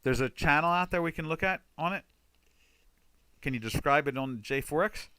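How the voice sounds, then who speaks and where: A man's voice: fairly high pitch, normal speed, bright, forceful tone, clear, resonant tone, no echo. An older man hosting a trading webinar, chatting loosely about charts with many fillers and restarts. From United States. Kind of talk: casual market commentary over charts.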